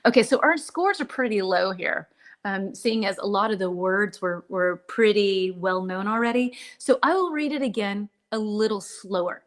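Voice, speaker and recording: Chatty woman teacher, slightly hoarse. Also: mid-range voice, moderate pace. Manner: chatty, clears throat and apologizes often. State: slightly hoarse, drinking mint tea for her voice. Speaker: English teacher. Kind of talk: live-streamed English lesson. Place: home, dishes washing behind her.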